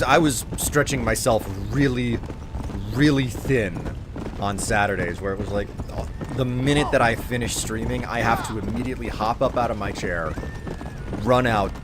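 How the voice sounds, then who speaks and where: A man's voice: mid-range voice, normal speed, music in the background. A man in his late thirties, a streamer chatting in an easygoing, rambling way with his viewers during a livestream. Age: late 30s. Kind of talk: casual livestream chat.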